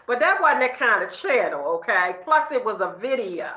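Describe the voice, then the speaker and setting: A middle-aged woman vlogger tells her viewers a story in a chatty, casual way, calling them girl and y'all and tagging lots of sentences with okay. Her voice is on the high side and sing-song, at a moderate pace, with a bright, forceful tone. The room is echoey and the sound a little dull.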